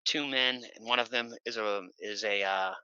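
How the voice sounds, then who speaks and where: A podcast guest from Oregon, USA, tells stories casually in a steady voice at a moderate pace, with a clean tone. The recording is dry with the highs cut off. He rambles with lots of fillers and restarts, now and then bursting into shrill shouted imitations.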